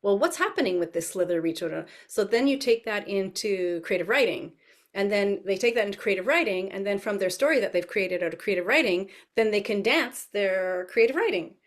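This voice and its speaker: A woman's voice: mid-range voice, animated, brisk. Enthusiastic middle-aged woman dance educator. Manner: enthusiastic, explanatory, restarts. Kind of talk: interview answers.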